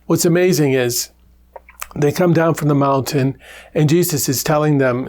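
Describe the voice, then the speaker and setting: A Capuchin friar giving a gentle, reflective gospel reflection, with small laughs and restarts as he talks. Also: a little high, normal speed.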